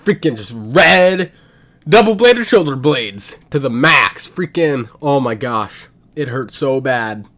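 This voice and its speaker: A young man telling a comedic story, swinging between loud outbursts and muttered asides. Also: mid-range voice, animated, slow.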